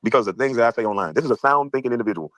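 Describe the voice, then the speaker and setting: A man ranting fast in a heated podcast chat, mocking and trash-talking with frequent laughs. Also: medium pitch, lively intonation, no room sound. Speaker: guest streamer.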